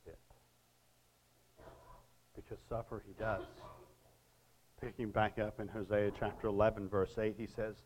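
A middle-aged man preaching a sermon, reading scripture aloud with pauses and talking to listeners in conversational asides. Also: medium pitch, rough recording.

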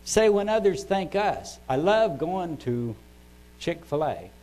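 An older man giving a devotional talk. He speaks in a conversational, folksy way and often clears his throat. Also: on the high side, sing-song, slow, darkish tone, poor audio.

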